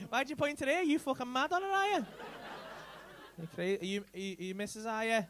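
A man's voice: extremely high pitch, brisk, a bit bright, slight background noise. A man doing crowd work in a comedy club, teasing audience members with cheeky, sweary banter into a handheld mic. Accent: English. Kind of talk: live stand-up crowd work. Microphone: handheld stage mic.

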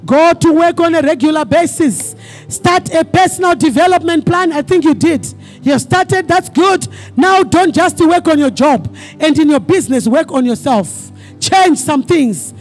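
A pastor preaching a sermon to his congregation, asking them questions for call-and-response and often breaking into fervent shouting. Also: extremely high pitch, unhurried, faint music behind. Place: church service.

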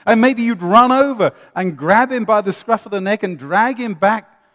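A man preaching a sermon, swinging between loud emphasis and quiet asides, with many rhetorical questions. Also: high voice, moderate pace. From England. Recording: long reverb of a hall.

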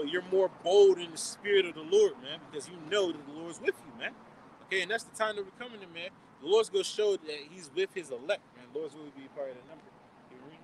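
A man with a fairly high voice preaches outdoors in a loose, conversational Bible study. He ends almost every line with "man" or "okay?" and poses questions he answers himself. Faint street traffic hums behind him. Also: poor audio. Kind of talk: informal outdoor Bible teaching.

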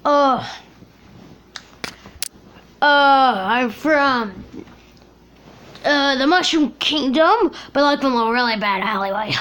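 A woman voicing a greedy, threatening male thug plush in a puppet comedy, gruff and menacing. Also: sits high, expressive, takes it slowly, pauses often, fairly bright tone, pitched below the performer's own voice, full character voice. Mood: scheming.

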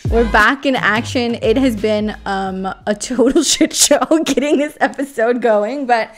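A woman's voice: fairly high pitch, a little slow, faint music behind. A woman co-hosting a podcast in casual chat, chatty and laughing, loose with her fillers. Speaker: podcast co-host.

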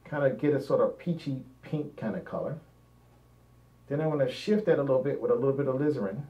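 A man's voice: medium pitch, fast talker, dark tone. A man narrating a painting demonstration, thinking aloud as he works and often trailing off mid-sentence. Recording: roomy, dull lo-fi sound, mic at a distance.

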